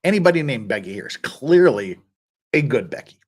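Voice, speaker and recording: A man's voice: medium pitch, sing-song, a little fast, breathy edge. A middle-aged man hosting a live stream, chatting casually, reading out viewer comments and laughing often. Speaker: livestream host.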